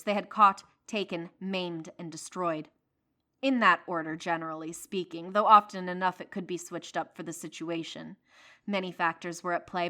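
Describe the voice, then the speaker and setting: A woman narrating a science fiction story in a measured, expressive reading voice. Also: on the low side. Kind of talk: scripted audiobook narration.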